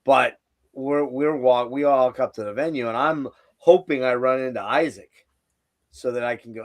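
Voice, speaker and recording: A man hosting a laid-back podcast, rambling through a profane, jokey story. His voice sits in an everyday middle pitch, and the talk drifts loosely from one aside to the next. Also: steady tone, moderate pace. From Philadelphia area, United States. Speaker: podcast host. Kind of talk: casual chat, storytelling.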